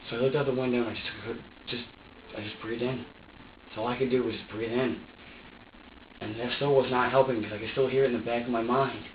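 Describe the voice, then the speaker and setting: A man's voice: steady tone, muffled recording, slight background noise. Agitated man in an echoey interrogation room. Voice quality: agitated, profane, halting with many restarts. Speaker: suspect in an interrogation. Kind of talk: recounting events to an interviewer. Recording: distant echoey low-fi room recording.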